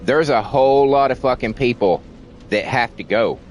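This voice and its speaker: A man's voice: mid-range voice, moderate pace, soft background music. A man from the United States, a livestreamer ranting in a heated, profane way and repeating words for emphasis. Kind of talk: casual ranting commentary on stream.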